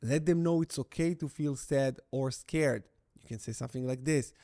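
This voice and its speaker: A middle-aged man with a mellow, mid-range voice coaches viewers through recovering from a breakup, speaking straight to the camera. His pace is moderate with few pauses, and his delivery is blunt and emphatic, repeating key phrases to give them weight.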